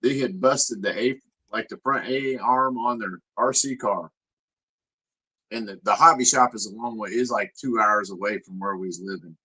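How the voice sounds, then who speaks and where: A man's voice: lowish voice, moderate pace, sharp tone, breathy edge, rough recording. A man, a father, co-hosting a casual chat and telling his own story in a laid-back, profane way. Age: father of grown kids.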